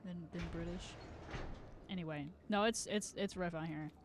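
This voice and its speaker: Gaming on stream, a young woman with a light Southern accent from the US chats loosely, joking, rambling, and swearing without restraint. Her voice is lowish, her pace moderate, and some slight background noise is present.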